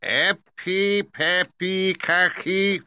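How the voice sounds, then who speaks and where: A man voicing a fierce, commanding wicked old witch who chants spells in a shrill voice in a storybook reading. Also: expressive, unhurried, bright, forceful tone, dry recording, heavily acted. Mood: chanting.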